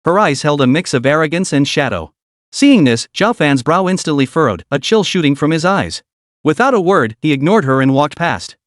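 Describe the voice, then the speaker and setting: A male narrator reading a scripted story recap with dramatic delivery. His voice sits fairly high for a man and moves about a lot in pitch, with dry, close sound and no room echo. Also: lively intonation, normal speed.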